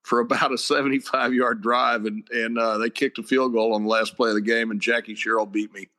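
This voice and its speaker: An older man, a head football coach, telling stories in a casual chat, with a lively, laughing manner. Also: medium pitch, fairly quick. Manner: animated, laughing storyteller.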